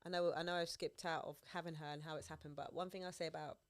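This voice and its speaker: A woman's voice: low-pitched, quick pace, no echo, clean studio sound. A young woman, chatting on a podcast and telling stories with lots of laughter. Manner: animated storytelling, laughs often. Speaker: podcast co-host. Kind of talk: casual chat.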